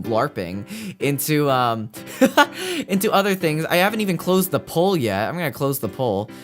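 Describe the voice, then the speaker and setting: A man's voice: fairly high pitch, a bit bright. A man streaming, chatting casually and reading a fanfic aloud, bubbly and effusive with frequent giggles. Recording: long reverb, faint background music.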